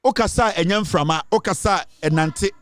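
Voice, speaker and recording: Ghanaian male commentator, high-pitched and insistent, dry close sound. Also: fairly quick, a bit bright, no echo, faint music behind. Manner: emphatic, lecturing, switching between English and Twi. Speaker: online commentator. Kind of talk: impassioned social commentary.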